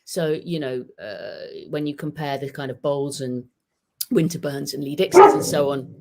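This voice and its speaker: A woman football journalist, a guest on a podcast interview, talking in a thoughtful, animated way with frequent restarts. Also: low voice, moderate pace, creaky, crowd noise. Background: dog nearby at home.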